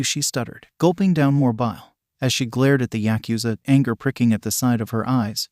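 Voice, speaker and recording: A man narrating a fan fiction story in a steady, even storytelling manner. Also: medium pitch, moderate pace, hardly any pauses, no echo, clean studio sound.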